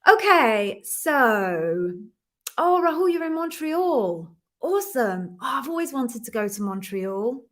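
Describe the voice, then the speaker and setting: A middle-aged woman from London hosting a live stream, chatting warmly with viewers and greeting each by name before explaining her work as an interview coach. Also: fairly high pitch, sing-song, slow. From London, England.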